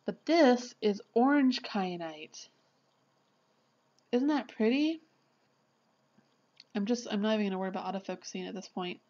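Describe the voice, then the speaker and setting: Excitable woman gushing over a haul. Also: mid-range voice, normal speed, pauses often, dull audio. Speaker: vlogger. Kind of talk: casual unboxing chat.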